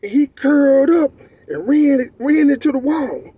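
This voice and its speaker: A man from Texas with a Texan accent, telling a story in animated, profane street slang and often checking in with his listener. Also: extremely high pitch, unhurried, no echo. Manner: animated, profane street slang, repeats "you know what I'm saying". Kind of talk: casual storytelling.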